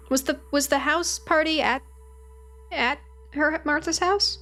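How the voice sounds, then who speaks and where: A woman's voice: sits high, steady tone, unhurried, fairly bright tone, faint music behind. A woman streamer giving playful, joking commentary while playing a game. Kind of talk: let's play commentary.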